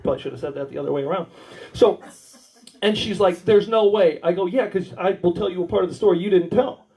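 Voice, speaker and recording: A man's voice: sits high, fast talker, warm tone, low-quality recording. A man with an American accent doing crude, rambling stand-up stories at a small warehouse comedy night, acting out the dialogue. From United States. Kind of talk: stand-up storytelling.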